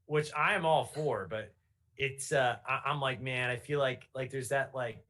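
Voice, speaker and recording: A man's voice: medium pitch, fairly even intonation, moderate pace, bright, forceful tone. A man chatting casually as a podcast guest, rambling with restarts and fillers. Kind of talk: casual chat. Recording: video call audio.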